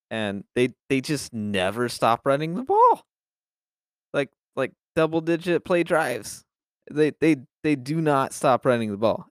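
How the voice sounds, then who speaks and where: A young man co-hosts a football podcast in a loose, profane chat style, often restarting his sentences. His voice is smooth and clear. It sounds close and dry, with no room sound. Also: mid-range voice, dry recording. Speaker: podcast co-host. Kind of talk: casual sports chat.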